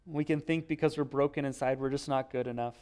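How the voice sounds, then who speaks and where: A man's voice: mid-range voice, fairly even intonation, quick pace, a little mellow, clean tone. A man preaching a sermon in a conversational, self-deprecating way, acting out little dialogues. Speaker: pastor.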